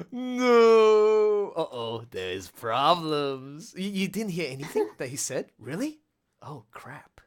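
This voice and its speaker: Lively, excitable male stream host. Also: a little high, slow. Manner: excitable, rambling, laughs often. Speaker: livestream host. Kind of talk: casual voice-actor chat.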